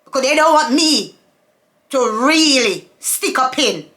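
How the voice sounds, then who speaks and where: A woman vents straight to camera, repeating herself for emphasis and firing off rhetorical questions. Her voice is bright and a little high, sharp rather than mellow. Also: expressive, takes it slowly. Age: adult, mother of several children. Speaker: vlogger. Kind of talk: casual monologue to camera.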